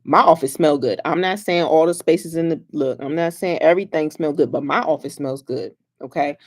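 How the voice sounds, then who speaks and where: A woman's voice: sits low, fairly quick. A young woman school counselor, chatting casually with families, telling playful stories and laughing often. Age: young adult. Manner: animated storyteller, laughs often, playful slang. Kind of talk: casual livestream chat with families.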